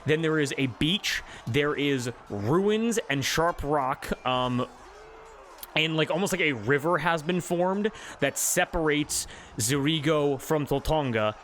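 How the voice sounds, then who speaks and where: A man's voice: medium pitch, a bit bright, slight background noise. A man narrating a tabletop game as game master, rambling with many fillers.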